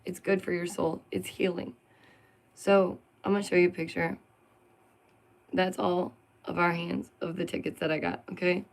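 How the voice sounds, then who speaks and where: A middle-aged woman venting to her channel in a casual, emotional monologue. Her voice sits on the low side for a woman. She stays animated throughout and keeps laughing between points. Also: moderate pace, rough recording. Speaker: vlogger.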